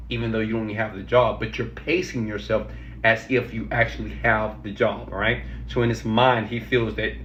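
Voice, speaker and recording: A man giving job interview tips as a motivational speaker, talking with animated emphasis, slowing down to stress key words and urging viewers to comment and give a thumbs up. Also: medium pitch, a little hiss or hum. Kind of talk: energetic motivational talk to camera. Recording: roomy, slightly dull recording.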